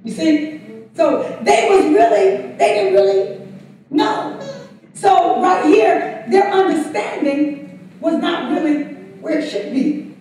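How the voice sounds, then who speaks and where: A high-pitched woman teaches a Bible study in a loose, laughing, call-and-response manner. She is picked up from across a very echoey church room, with faint noise behind her. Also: lively intonation, slow pace, dark tone, recorded from a distance. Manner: conversational, laughs often, calls for congregation response. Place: church sanctuary.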